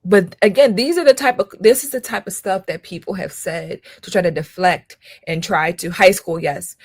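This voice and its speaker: A woman in her thirties, a school counselor with her own channel, gives casual commentary packed with emphatic rhetorical questions and frequent repetition. Her voice is on the low side and husky, with a darkish tone, and she talks at a normal speed.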